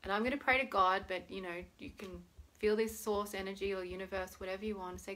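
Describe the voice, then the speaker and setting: A woman leading a guided tapping meditation, speaking slow, drawn-out affirmations and letting her voice fall soft and low at the ends of phrases. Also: steady tone. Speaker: energy healing guide.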